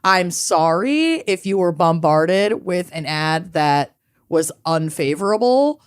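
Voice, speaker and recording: A woman's voice: on the low side, expressive, slow pace, clean tone. A woman co-hosting a podcast, chatting casually and emphatically. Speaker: podcast co-host. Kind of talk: casual chat.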